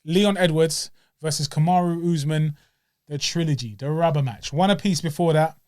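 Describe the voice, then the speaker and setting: A man from England hosting a podcast in casual chat, mocking and swinging between loud and soft. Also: a little high, moderate pace, no room sound, clean studio sound. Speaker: podcast host.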